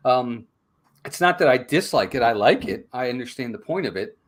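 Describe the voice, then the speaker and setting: A man's voice: medium pitch, lively intonation, moderate pace. A man co-hosting a casual movie review, talking emphatically and repeating words as he makes his points. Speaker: co-host, film reviewer.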